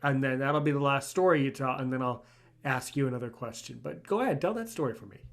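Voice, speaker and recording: A man's voice: mid-range voice, fast talker, creaky. A man hosting a podcast interview, chatting casually and enthusiastically, joking and repeating words as he starts sentences. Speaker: podcast host.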